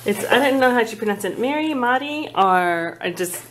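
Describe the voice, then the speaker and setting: A woman's voice: medium pitch, moderate pace, fairly bright tone. A woman vlogger talks at her home kitchen table in a casual, gushing way, easily flustered and tripping over her words. Her voice sits in a middle range, and faint noise runs under it. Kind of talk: casual unboxing chat.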